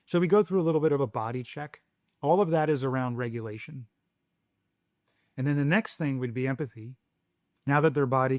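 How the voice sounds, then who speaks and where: A man co-hosting a parenting podcast, talking slowly and soothingly as he explains how to calm a scared child. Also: medium pitch, no echo, clean studio sound. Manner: slow, soothing, deliberate. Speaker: podcast co-host. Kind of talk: calm parenting advice chat.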